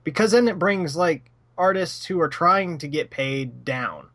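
A man's voice: a little high, expressive, a little slow, fairly bright tone. A man co-hosting a casual podcast, blunt and profane, ranting about what annoys him. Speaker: podcast co-host.

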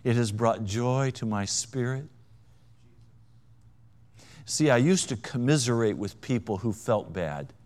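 A man preaching a sermon, with a wry, self-mocking humor and dramatic swings between hushed and loud delivery. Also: medium pitch, animated, a little slow, long pauses. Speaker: pastor.

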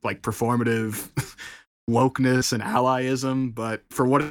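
A man's voice: mid-range voice, little pitch movement, a little slow, no echo. Male co-host, casual and heartfelt, swears freely; dry close mic, mid-range voice. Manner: earnest, heavy swearing. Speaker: podcast co-host. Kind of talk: casual chat.

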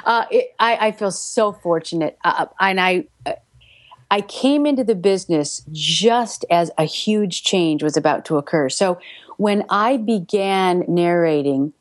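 A woman who narrates audiobooks, talking in a chatty, animated way with many restarts during an interview. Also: lowish voice, unhurried, no echo. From United States. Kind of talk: casual interview.

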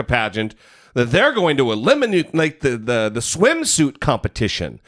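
Podcast co-host, man, sharp bright tone, lively swooping delivery, blunt and profane. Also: medium pitch, moderate pace. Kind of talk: casual podcast chat.

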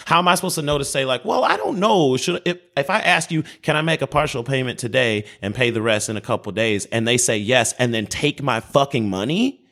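A man's voice: mid-range voice, fairly quick, hardly any pauses, a bit bright. A man co-hosting a podcast, telling a long, heated, profane story about a phone call and acting out both sides of it. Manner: profane, exasperated storytelling with acted-out quotes. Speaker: podcast co-host. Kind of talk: heated comedic rant.

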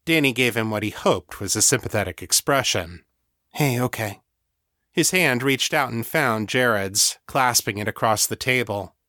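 Man narrating a story, mid pitch. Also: moderate pace, hardly any pauses, sharp tone, dry recording, studio quality. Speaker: audiobook narrator. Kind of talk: scripted narration.

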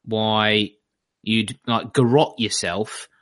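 A man's voice: on the low side, fairly even intonation, takes it slowly, a bit bright. A man co-hosting a podcast, chatting casually and questioning things in a dry way. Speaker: podcast co-host. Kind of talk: casual chat.

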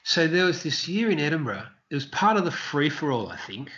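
Brief: male busker guest, lively anecdote-teller, slightly high voice, muffled lo-fi recording. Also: brisk. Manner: animated storyteller, acts out quotes in high shouts. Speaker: interview guest, street performer. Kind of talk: casual storytelling interview.

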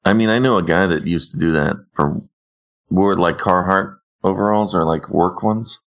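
A very deep-voiced man with a gravelly rasp trades blunt, joking lines on a stream. His sound is dull and lo-fi, missing the top end. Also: normal speed. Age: adult parent. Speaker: stream co-host. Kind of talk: casual profane chat.

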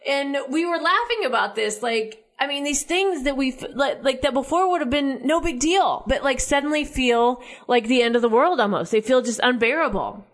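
A woman's voice: sits high, animated, normal speed, hardly any pauses. A young adult woman from the United States talking through her thoughts in a casual monologue, full of "like" and "right?". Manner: chatty, heavy use of "like" and "right?".

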